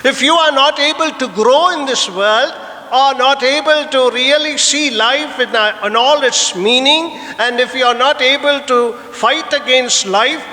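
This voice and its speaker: A priest preaching a Sunday homily in a church, earnest, with rhetorical questions and a personal story. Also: male voice, very high-pitched, measured pace, pushed and bright, big-room sound.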